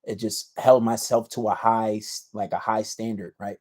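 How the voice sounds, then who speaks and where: A man's voice: lowish voice, level tone, normal speed, darkish tone. Blunt, self-assured man giving dating advice. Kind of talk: casual advice monologue to camera.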